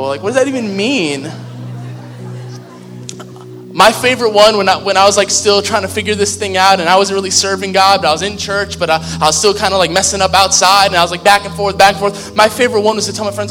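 A man's voice: sits high, steady tone, quick pace, bright, forceful tone. A man, a pastor, preaching a sermon in a conversational, humorous way in a large church hall. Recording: long hall reverb with faint music.

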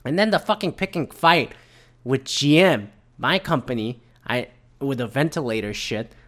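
A man's voice: mid-range voice, animated, normal speed, fairly bright tone. A man ranting casually about the news, heated and rambling, swearing often and mimicking other people. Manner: mimics others in quoted asides. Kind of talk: casual rant on current events.

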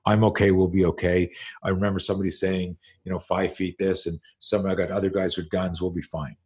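Lowish-voiced man telling a profane story. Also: fast. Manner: profane, animated storyteller who acts out scenes. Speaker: self-defense instructor, podcast guest. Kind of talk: storytelling in a conversational interview.

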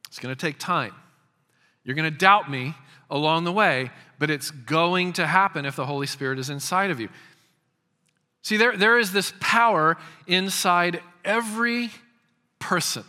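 Pastor in his 50s, fairly high bright voice, emphatic sermon, stutters into phrases, long hall echo. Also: normal speed. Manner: emphatic, repeats words when starting phrases.

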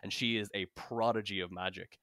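A man with a lowish voice tells a game story in a casual podcast chat. He rambles and restarts, and he speaks in an animated way that is full of swearing. The sound is dry and close. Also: fairly quick, dry recording. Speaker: guest, game master.

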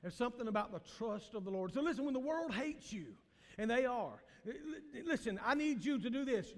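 A man with a Southern US accent, a pastor preaching a sermon in a church, swinging from loud shouts to hushed low tones. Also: very animated, normal speed, long reverb tail. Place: church sanctuary.

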